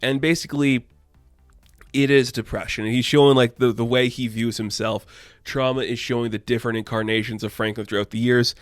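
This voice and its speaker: A man's voice: mid-range voice, steady tone, fairly quick, no echo. Casual man recapping a comic, dry sound. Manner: rambling, heavy use of "like" fillers. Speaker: comic book reviewer.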